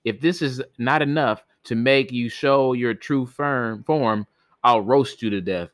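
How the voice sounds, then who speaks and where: A man's voice: medium pitch, unhurried, dry recording, lightly acted. A man voicing a brash, scheming young man in a spoken folk tale, who taunts with a raised voice. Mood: taunting.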